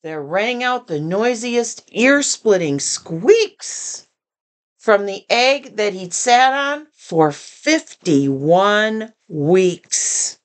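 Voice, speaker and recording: Older woman, reading a children's book aloud, chatty asides, unhurried, lively intonation. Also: mid-range voice. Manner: gentle, chatty asides to young listeners. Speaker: storybook reader.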